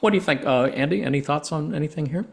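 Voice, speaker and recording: A man's voice: a little high, fast talker, gravelly. A man hosting a podcast discussion, talking in a thoughtful, musing way. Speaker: podcast host.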